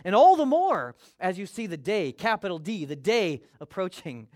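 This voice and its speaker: A man's voice: high voice, sing-song, moderate pace, a little mellow. A man preaching a sermon as a pastor, talking conversationally and acting out quoted voices.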